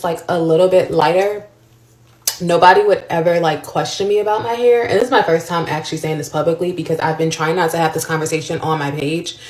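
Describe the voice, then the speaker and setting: A woman's voice: on the low side, echoey room. A woman ranting in a vlog, outspoken and frustrated. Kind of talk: vlog rant.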